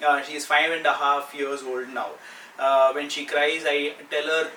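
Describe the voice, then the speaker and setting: A man gives a motivational lesson, speaking straight to the viewer and repeating his key points. His voice is bright and somewhat high. The sound is roomy, with him a little away from the microphone. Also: flat delivery, measured pace, a little hiss or hum. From Tamil Nadu, India. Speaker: kids' storyteller and speaker. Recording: roomy echo, a bit far from the mic.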